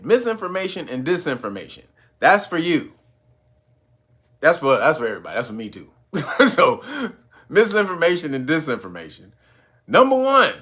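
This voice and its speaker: A man hosting his own channel, giving loose, profane commentary and laughing often as he talks. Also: sharp tone. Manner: mocks a stiff, slow talker in a low voice. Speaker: channel host. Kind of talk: casual commentary video.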